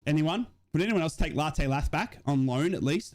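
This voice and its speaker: A young man hosting a live football watch-along, giving excitable, rambling fan commentary, swearing and answering chat comments. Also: fairly high pitch, moderate pace.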